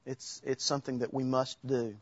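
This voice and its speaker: A man's voice: mid-range voice, level tone, husky, dry recording, dull audio. A man giving an informal church teaching talk, quoting Bible verses from memory with frequent halts and restarts. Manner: halting, restarts while quoting Scripture from memory.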